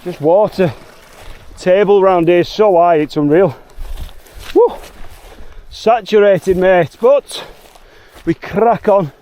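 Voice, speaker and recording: A man's voice: high-pitched, slow pace, mellow. A chatty Liverpool man with a slightly raised voice talks straight to his viewers on a soggy fell walk. His delivery is slangy and cheerful, recorded on a handheld camera outdoors. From England. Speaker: hiking vlogger. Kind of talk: casual walking vlog. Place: outdoors on wet fells, later in a car.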